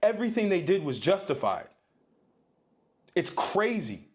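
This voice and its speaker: A man recounts his own experiences in loose, casual storytelling. His voice sits somewhat high for a man. He talks in an easy, conversational way. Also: sing-song, measured pace, darkish tone. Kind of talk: personal storytelling.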